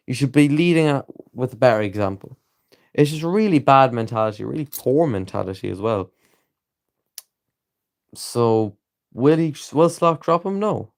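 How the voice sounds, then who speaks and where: A young man with a Liverpool accent, ranting bluntly to camera as a football fan vlogger, swearing freely and sounding frustrated. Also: mid-range voice. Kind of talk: opinionated casual rant to camera.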